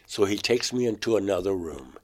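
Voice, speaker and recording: A man with a lowish, expressive, slightly mellow voice describes an odd experience of his own during an interview. He's a painter who stops and restarts mid-phrase, and his voice jumps up sharply when quoting himself.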